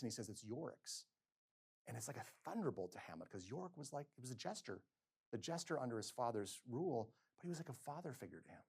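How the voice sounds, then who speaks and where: A middle-aged male physician giving a lecture, telling stories and acting out quotes with sudden swings between loud and soft. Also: medium pitch, lively intonation, fast, slightly rough. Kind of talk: lecture with storytelling. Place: lecture hall.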